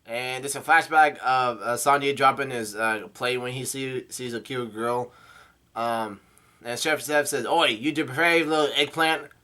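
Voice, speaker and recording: A man host reads through a comic chapter in a casual, halting way. He trips over names and adds his own asides, and his voice is bright and forceful. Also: medium pitch, clear, resonant tone. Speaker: manga reader and channel host.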